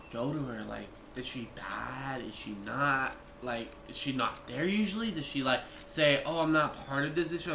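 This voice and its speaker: A young man telling a rambling storytime vlog and acting out people's lines in quick bursts. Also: a little high. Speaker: vlogger. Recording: echoey room, noisy ambience.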